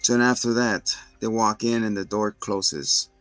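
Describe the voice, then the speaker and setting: Low-voiced man recapping a show casually. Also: steady tone, measured pace, a bit bright, no room sound, faint music behind, poor audio. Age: adult with children. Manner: retells scenes and acts out the characters' lines in a higher voice. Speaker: show host recapping a TV episode. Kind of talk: casual recap with acted quotes.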